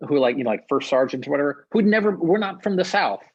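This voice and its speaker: A man interviewing an author in a relaxed, chatty way, with a husky voice over a video call. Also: a little high, fast talker, dull audio. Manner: relaxed, chatty, with short agreeing replies. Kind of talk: casual conversation.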